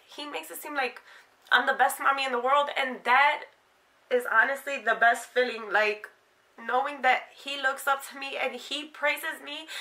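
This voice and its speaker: A woman's voice: sits high, pushed and bright. A young woman from Philadelphia telling a candid personal story to camera, emotional and heartfelt, rambling with fillers. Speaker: vlogger.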